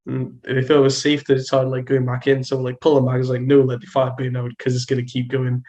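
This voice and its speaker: A man's voice: medium pitch, a little fast. Young Trinidadian man telling stories. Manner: animated storytelling, lots of filler "like". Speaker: podcast host. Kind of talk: casual chat.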